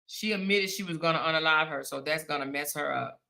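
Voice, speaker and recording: Animated woman host reading comments. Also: deep voice, a little fast, creaky. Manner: animated, teasing, laughs often, playful asides. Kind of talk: casual chat.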